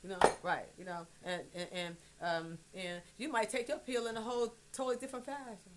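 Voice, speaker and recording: A woman's voice: medium pitch, flat delivery, fairly quick, noisy background. Blunt rambling woman livestreaming. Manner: rambling, blunt, swears freely, swings between soft and loud. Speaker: livestreamer addressing her adult son. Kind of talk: emotional livestream monologue. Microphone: phone livestream.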